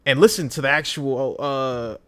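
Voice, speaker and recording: A man co-hosting a podcast, talking in a relaxed, casual way with lots of fillers like "you know what I'm saying". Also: mid-range voice, normal speed, smooth. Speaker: podcast co-host. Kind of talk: casual chat.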